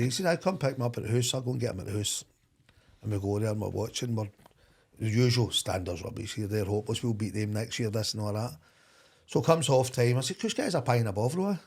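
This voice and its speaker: Middle-aged scottish guy, gravelly voice, rattles off funny football stories, laughs a lot. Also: fairly low pitch, fast. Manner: animated, laughing anecdote-teller. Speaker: former football manager. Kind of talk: storytelling in podcast chat.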